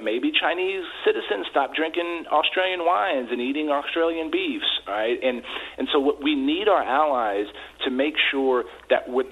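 A man's voice: medium pitch, a bit bright. A congressman giving earnest interview answers by phone, often repeating words as he starts his sentences. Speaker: congressman guest. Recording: tinny phone line.

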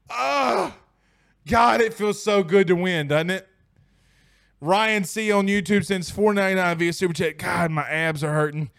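A man's voice: sits high, measured pace, vocal fry, fairly bright tone, no echo, studio quality. A tipsy young man hosting a sports livestream, reading viewer comments in a rowdy, profane, laughing way. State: tipsy from whiskey. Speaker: sports show host.

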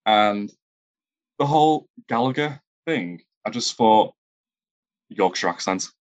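A man answering interview questions about improv, talking haltingly and often searching for the right word. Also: fairly low pitch, animated, no room sound, highs cut off. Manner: halting, searches for words, many fillers. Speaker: improv performer, guest.

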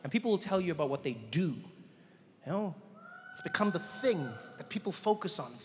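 A man doing stand-up comedy on a theater stage, telling a story with animated delivery and acting out characters. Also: high voice, brisk, noisy background. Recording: live hall reverb, faint ambience.

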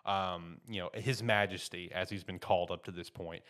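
A man with a very low voice talks casually through an anime episode. He rambles with plenty of fillers and gets animated as he retells the big scenes. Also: normal speed. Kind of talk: casual anime recap chat.

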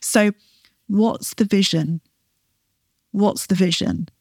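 A woman podcast host coaching her listeners, guiding them through slow breaths and encouraging them often with a quick "right?". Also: mid-range voice, darkish tone, dry recording, clean studio sound. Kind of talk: coaching talk with guided breathing.

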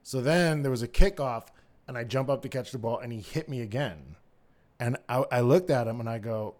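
A middle-aged person with a male-range voice, co-hosting a podcast in casual chat, telling campy, animated stories and laughing along. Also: mid-range voice, fairly quick. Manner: campy, animated storyteller calling everyone "girl". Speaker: podcast co-host.

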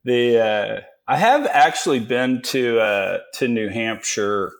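This guest, an energy investor from Texas in his forties, spins folksy, jokey yarns packed with fillers during a relaxed interview. He speaks slowly in a mid-range, creaky voice with lively intonation.

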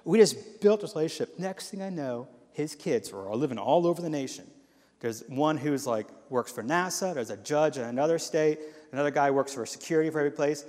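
Guy preaching in a church hall, kinda high voice, lots of reverb, acts out the people in his stories. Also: a little fast. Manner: animated storytelling with quoted voices. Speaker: guest speaker. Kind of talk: sermon.

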